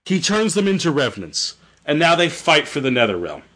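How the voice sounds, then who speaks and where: A man's voice: fairly high pitch, sing-song, brisk, fairly bright tone. A young man casually retelling a story, rambling, swearing and correcting himself. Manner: rambling, profane, self-correcting. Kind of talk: casual chat.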